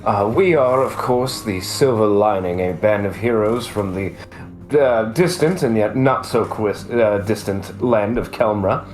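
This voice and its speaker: A courteous hero addresses new allies with polished, old-fashioned formality, as a man puts on the voice. His voice sits low and moves unhurriedly. Soft music plays faintly behind him. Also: a little slow, close to an everyday voice. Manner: grandly formal, polite phrasing. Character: gallant, courteous male adventurer.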